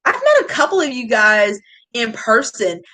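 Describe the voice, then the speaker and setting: A woman's voice: fairly high pitch, sing-song, moderate pace, bright, forceful tone, poor audio. A woman, chatting casually and confiding in viewers on a live stream. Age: late 20s. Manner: emotional, confiding, talks straight to chat. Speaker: YouTube beauty vlogger.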